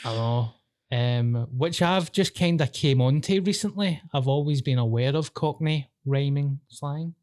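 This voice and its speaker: A man's voice: medium pitch, unhurried, a little mellow, dry recording, studio quality. Sweary Glaswegian man telling stories. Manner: sweary, storytelling, laughs often. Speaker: podcast host. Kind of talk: casual podcast chat.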